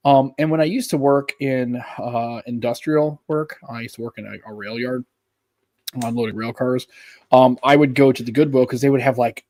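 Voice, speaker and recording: A man's voice: medium pitch, steady tone, moderate pace, darkish tone, no room sound. Chatty American man co-hosting. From United States. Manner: rambling, chatty storytelling. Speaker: podcast co-host. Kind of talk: casual chat.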